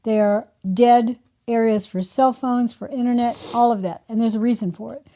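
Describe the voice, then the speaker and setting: A woman's voice: a little high, fairly even intonation, normal speed, mellow. A woman co-hosting a talk podcast, chatting casually and telling anecdotes. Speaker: podcast co-host. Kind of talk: casual conversational commentary.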